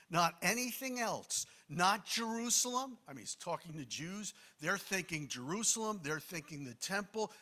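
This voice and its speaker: Animated, bright-voiced male preacher. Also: high-pitched. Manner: animated, emphatic, conversational preaching with asides. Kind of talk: sermon.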